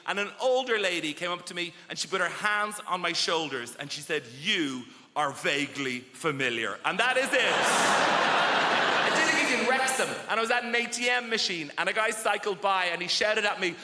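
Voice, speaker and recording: A man with an Irish accent doing a wry, animated stand-up comedy set on stage in a large theatre. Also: high-pitched, slight background noise. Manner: wry, animated, shouts in character voices. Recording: roomy live theatre with loud crowd.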